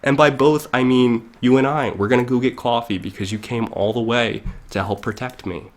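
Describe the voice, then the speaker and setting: Young man, casual live stream chat, rambling, tangents, laughs a lot, mid-pitched voice, mic close to the mouth. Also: steady tone, normal speed. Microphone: desk mic very close to mouth.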